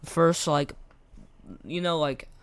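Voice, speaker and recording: Hoarse young man rambling over gameplay. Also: a little high, steady tone, slow pace, fairly bright tone. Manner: rambling, slangy, repeats himself. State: hoarse, losing his voice. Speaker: gaming content creator. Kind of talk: casual gameplay commentary.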